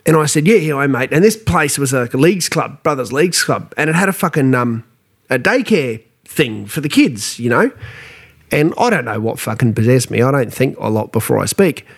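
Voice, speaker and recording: A man's voice: mid-range voice, lively intonation, brisk, slightly rough. An Australian man telling a story as a podcast guest, blunt and self-mocking, swearing freely. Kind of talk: casual storytelling.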